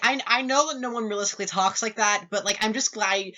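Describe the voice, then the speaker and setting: A woman's voice: mid-range voice, fast, sharp tone. A woman co-hosting a podcast in casual chat, laughing and rambling off on tangents. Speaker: podcast co-host.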